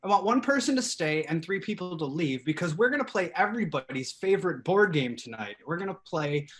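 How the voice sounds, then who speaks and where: A man's voice: on the high side, animated, fairly quick, a bit bright. A man hosting a live improv comedy show over a video call, chatty and upbeat with lots of fillers. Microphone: home computer mic on video call.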